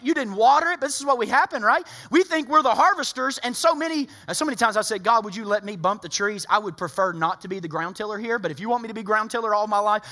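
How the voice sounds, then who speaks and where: Lively, bright-voiced male preacher. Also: high voice. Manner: animated, emphatic, acts out quoted voices. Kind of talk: sermon.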